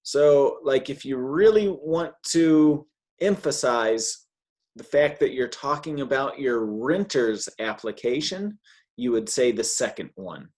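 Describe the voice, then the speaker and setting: A man's voice: medium pitch, lively intonation, slow pace, darkish tone. A man teaching a one-on-one English grammar lesson, patient and often checking in with "okay?".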